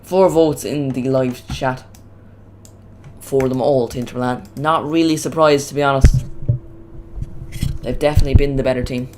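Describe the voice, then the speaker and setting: Guy streaming a footy watch-along, voice cracking, rambly, mid pitch, bit of faint noise behind. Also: moderate pace, pauses often. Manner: chatty, rambling, excitable on goals. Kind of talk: live match commentary, casual.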